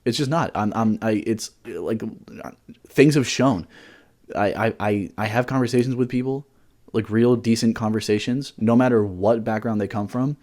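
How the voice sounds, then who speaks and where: Rambling young man, low voice, podcast chat. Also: moderate pace, darkish tone. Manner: rambling, repeats words, swears freely. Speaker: podcast co-host.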